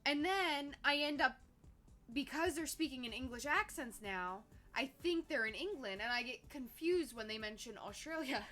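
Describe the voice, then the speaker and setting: A woman co-hosting a casual chat show, bantering quickly and pushing back with quick retorts. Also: high-pitched, animated, pushed and bright, faint music behind. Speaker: podcast co-host.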